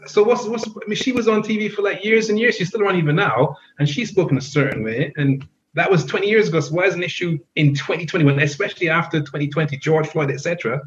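Fast-talking man on a dull remote line. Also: on the high side, slight background noise. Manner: quick, emphatic, with filler phrases. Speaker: regular panellist. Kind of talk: casual opinion chat.

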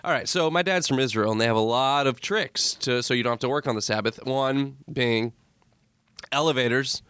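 A man talking as a guest on a podcast, telling stories in a lively, joking way with quick asides. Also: mid-range voice, clean tone, no room sound. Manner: animated storyteller, jokey asides. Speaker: comedy producer, guest. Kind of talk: casual podcast chat.

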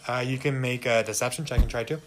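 A man running a tabletop game as game master, relaxed and quick to laugh. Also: mid-range voice, slight background noise.

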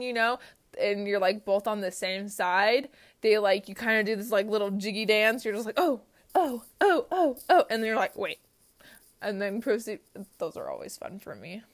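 A young woman hosting a podcast, reading funny stories aloud and chatting about them with a giggly manner and lots of filler words. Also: mid-range voice. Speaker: podcast host.

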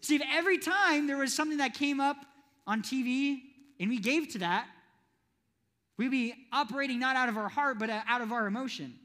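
A man with a notably high voice delivers a youth sermon in a church hall. He keeps it playful, pulling the audience in with questions. A long reverb trails off every phrase. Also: brisk, sharp tone. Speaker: youth preacher.

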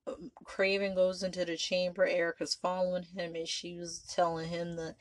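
A woman with a fairly low voice speaks flatly at a moderate pace with few pauses, on a low-quality recording. Hosting a podcast, she recaps a vampire film in a rambling, profane, casual way, packed with "you know" and "like."

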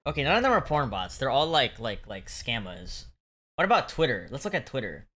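A young man trades quick, slangy jokes in casual podcast chat. His voice is bright and forward, and his pitch swings widely from one line to the next. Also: sing-song. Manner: joking, quick interjections, slangy. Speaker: podcast co-host.

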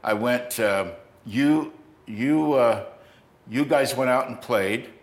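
Older man telling a halting story in an echoey room. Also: medium pitch. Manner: halting, with many restarts. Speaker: podcast host. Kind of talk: storytelling in a conversation.

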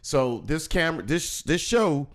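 A man's voice: a little high, a little slow. Joking New man hosting a stream. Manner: joking, animated storytelling with playful put-on voices. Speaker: comedian and show host. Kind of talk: casual banter on a live stream.

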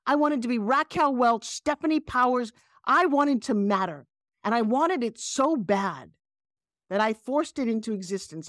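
A middle-aged woman with a New York accent, a guest telling animated stories on a video call. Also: a little high, no room sound, studio quality. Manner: animated, emphatic storyteller. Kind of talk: casual interview storytelling.

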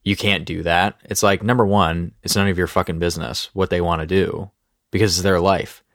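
A man's voice: sits low, steady tone, a little fast, no echo, clean studio sound. A young man in casual chat who gets worked up and ranty, mocking people in quoted voices.

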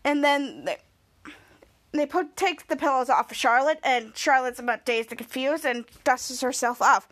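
A woman's voice: high-pitched, expressive, moderate pace, a bit bright. A woman hosting a podcast, recapping a TV episode in a rambling way, stringing scenes together with "and then" and "like" and often restarting her sentences. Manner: frequent restarts and self-corrections. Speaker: podcast host.

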